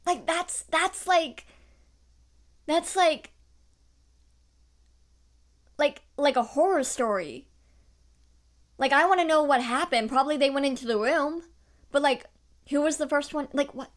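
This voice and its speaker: Young woman book vlogger, chatty, excitable, higher-pitched. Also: unhurried, pauses often. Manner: animated, chatty, lots of fillers and laughs. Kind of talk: casual book review chat.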